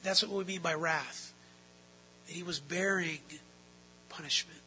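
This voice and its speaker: A man preaching a sermon, emphatic, moving between quiet explanation and loud, drawn-out stresses. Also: on the high side, a little hiss or hum, rough recording. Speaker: pastor.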